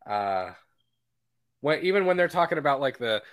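Bright-voiced excited young man. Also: fairly high pitch, moderate pace, clear, resonant tone. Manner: excited, quotes scenes with laughter. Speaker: podcast co-host. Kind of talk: casual movie review chat.

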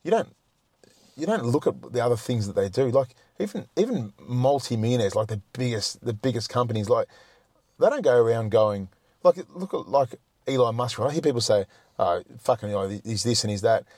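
A man's voice: mid-range voice, expressive, a little fast, darkish tone, husky, dry recording. A middle-aged man chatting as a podcast guest, blunt and freely swearing, often repeating words as he starts a point. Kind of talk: casual chat.

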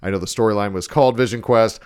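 A man co-hosting a podcast, chatting casually and rambling with plenty of swearing and chuckling. His voice sits low. He talks into a studio microphone. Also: quick pace, a little mellow, clear, resonant tone. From Minnesota. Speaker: podcast co-host. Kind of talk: casual chat.

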